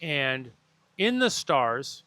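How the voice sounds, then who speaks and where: A man's voice: medium pitch, sing-song, very slow, sharp tone, dry recording. A man, a podcast guest, telling an earnest and emotional personal story and acting out the dialogue in it. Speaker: podcast guest, breathwork facilitator.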